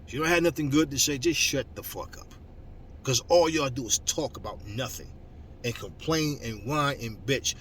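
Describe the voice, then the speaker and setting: A man hosting a boxing channel, ranting at viewers, loud and mocking, swearing constantly. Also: mid-range voice, moderate pace. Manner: loud, mocking, heavy cursing. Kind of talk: profane rant to viewers. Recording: slightly distant mic with faint background noise.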